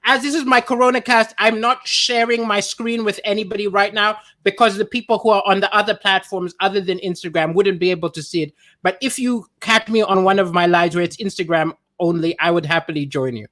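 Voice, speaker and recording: A male comedian hosts a casual livestream from home, reading viewer comments aloud and riffing on them. His delivery is animated and playful, and his voice jumps up in pitch for emphasis. It sounds like a webcam or phone mic in an indoor room. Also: brisk, hardly any pauses.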